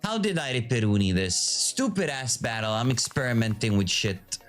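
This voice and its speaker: A man hosting his own video, giving casual live commentary to his viewers in an excitable, profane, teasing way. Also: mid-range voice, normal speed, faint music behind. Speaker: video host.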